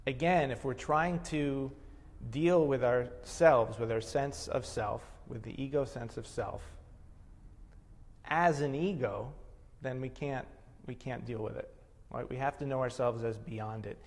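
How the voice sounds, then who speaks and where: Reflective male meditation teacher, reverberant hall. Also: mid-range voice. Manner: reflective, unhurried explaining.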